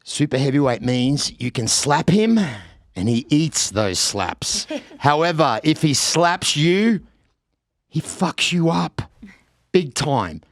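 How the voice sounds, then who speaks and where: Hyped Australian podcast host, dry sound. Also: male voice, a little high, slow pace, no room sound. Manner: energetic, hyped, laughs often. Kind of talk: casual interview.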